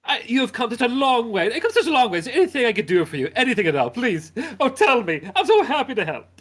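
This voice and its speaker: A woman's voice: a little high, big pitch swings, voice pushed up. A woman voicing a jolly, roly-poly male town mayor who gushes and giggles at his guests. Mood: eager. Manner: effusive, giggly, fast.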